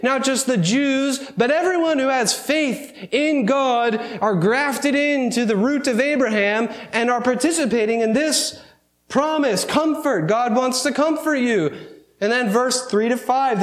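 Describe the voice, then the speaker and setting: Man, very high voice, preaching, emphatic scripture reading, wry asides, roomy echo. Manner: reads scripture slowly and emphatically, with mock self-important asides. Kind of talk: sermon reading and explaining scripture.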